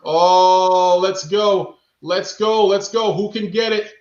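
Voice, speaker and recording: A man's voice: high-pitched, steady tone, slow, darkish tone. A man hosting a live online show, playfully quizzing his guest and calling out guesses from the chat. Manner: playful, repeats questions to the chat. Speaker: show host. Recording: echoey room, dull lo-fi sound.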